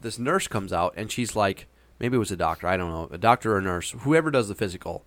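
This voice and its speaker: A man's voice: fairly low pitch, animated, quick pace, fairly bright tone, no echo. A man casually telling a long, meandering anecdote with frequent hesitations. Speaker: storyteller. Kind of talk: casual chat.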